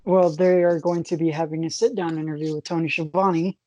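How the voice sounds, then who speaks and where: Mellow, low-voiced woman co-host. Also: fairly even intonation, a little fast, no room sound, lo-fi sound. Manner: chatty, laughs often between remarks. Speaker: podcast co-host. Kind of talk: casual wrestling chat.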